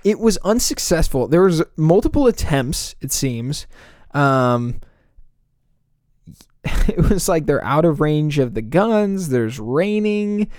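A man's voice: fairly high pitch, sing-song, slow, darkish tone, no echo, clean studio sound. A man co-hosting a casual podcast, telling a history story with jokes and frequent laughs. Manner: laughs often, jokey storytelling. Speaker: podcast co-host. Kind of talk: casual chat.

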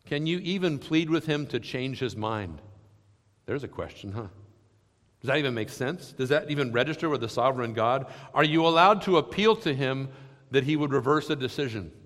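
An earnest male pastor preaching in a church sanctuary, asking pointed questions of his listeners. His mid-pitched voice swells and falls back to soft lows, carried by a long hall reverb. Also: animated, normal speed. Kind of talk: sermon.

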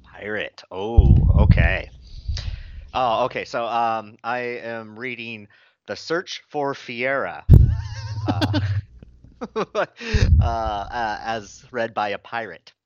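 A man co-hosting a casual podcast, hesitant and quick to laugh. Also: mid-range voice, lively intonation, fairly bright tone, clear, resonant tone. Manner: laughs easily, hesitant with fillers. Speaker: podcast co-host. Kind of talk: casual chat. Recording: dull lo-fi recording.

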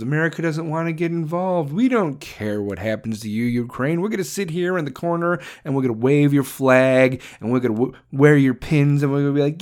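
A man's voice: mid-range voice, a little mellow. A man hosting a profane political rant, crude, heated and sarcastic. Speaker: commentator host.

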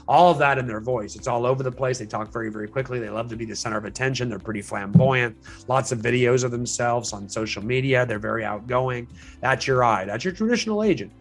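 A man with an ordinary mid-range voice teaches a sales training session for real estate agents. He explains in a loose, conversational way, often restarting phrases and using fillers. Faint music sits behind him. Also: medium pitch.

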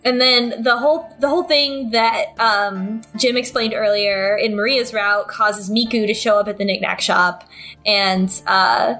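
A woman's voice: medium pitch, fairly even intonation, measured pace, pushed and bright, soft background music. A woman casually recapping a visual novel's plot in rambling, giggly chat full of fillers.

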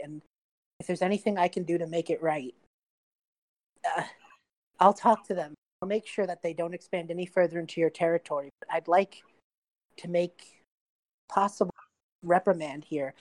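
A woman's voice: on the low side, darkish tone, no echo, close to an everyday voice, rough recording. A woman playing a young male prince who pleads earnestly and rambles, trying to make peace. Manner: earnest, rambling, eager to please.

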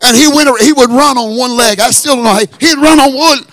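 A hoarse male pastor, telling a story in a sermon and building to shouted preaching in a church. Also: very high voice, brisk, dry recording, studio quality, a faint crowd. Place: church sanctuary.

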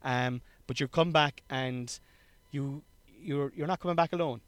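A man hosting a casual interview, chatty and quick to steer the questions. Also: mid-range voice, no room sound. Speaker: podcast host, comedian.

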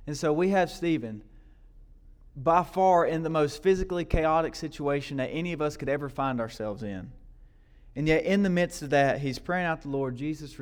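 A man preaching a sermon to a congregation in a loose, conversational way. He often adds "right?" to his lines and repeats his words. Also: mid-range voice. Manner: questions and prompts the congregation. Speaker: guest preacher. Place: church service before a congregation.

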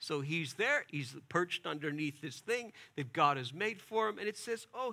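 A man preaching an expository sermon, retelling scripture in a lively, conversational way with casual asides. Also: a little high, normal speed, vocal fry, few pauses.

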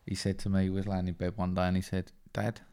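A man co-hosts a podcast in easy, casual banter. He tells stories playfully and jokes along. His voice sits fairly low. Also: monotone, warm tone, clear, resonant tone. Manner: playful, storytelling, quick to laugh. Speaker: podcast co-host. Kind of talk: casual chat.

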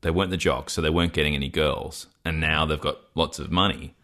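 Very deep-voiced man, measured talk. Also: steady tone, fairly bright tone. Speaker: podcast co-host. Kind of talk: casual chat.

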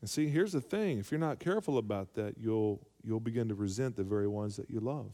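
A man's voice: lowish voice, expressive, brisk, mellow. Preacher man in a reverberant hall. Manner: call-and-response, asks for amens, rising to emphatic peaks. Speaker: pastor. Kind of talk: sermon.

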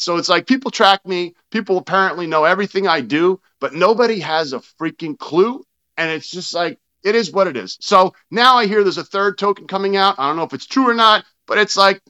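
A podcast guest with a fairly high male voice that's pushed, bright, clear and resonant tells a story bluntly in a casual interview. He swears freely and quotes his own past arguments word for word.

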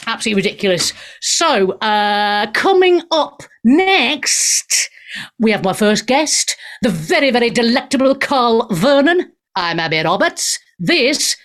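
A woman's voice: fairly high pitch, very animated, a little slow, a bit bright. A woman hosting a radio talk show, chatting through the news in a rambling, opinionated way and laughing often. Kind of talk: casual opinionated news chat.

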